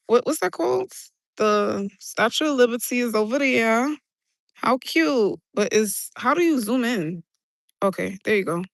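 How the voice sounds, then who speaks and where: A woman's voice: fairly high pitch, a bit bright, dry recording, clean studio sound. A young woman hosting a casual live stream on her phone outdoors at night, chatting and reading out viewer comments. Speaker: livestream host. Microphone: phone held in hand.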